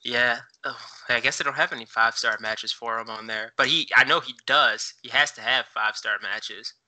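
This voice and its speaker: A man's voice: mid-range voice, steady tone, moderate pace, sharp tone, rough recording. A man co-hosting a podcast in casual chat, rambling with many fillers as he looks things up while talking. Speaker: podcast co-host.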